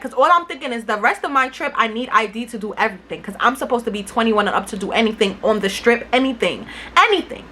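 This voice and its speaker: Young New woman vlogger, animated and slangy; bright, fairly high voice. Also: fast talker, slight background noise. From New York City. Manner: animated, slangy, swearing freely. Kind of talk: casual storytime.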